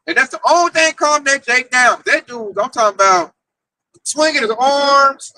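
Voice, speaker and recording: High, bright-voiced man telling a story. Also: moderate pace, low-quality recording. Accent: Oklahoma. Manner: animated, acts out quoted voices. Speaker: camp member telling a story. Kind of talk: casual storytelling talk.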